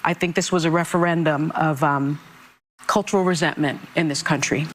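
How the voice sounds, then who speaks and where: Measured, low-voiced woman commentator. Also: fairly even intonation. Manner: measured, reflective, with hesitations. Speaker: interviewee giving commentary.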